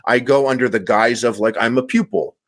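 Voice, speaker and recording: A man with a mid-pitched, ordinary voice talks loosely on a podcast. He wanders through his thoughts and leans on "like" again and again. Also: a little fast. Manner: rambling, heavy use of "like" fillers. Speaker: podcast co-host. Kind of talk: casual podcast chat.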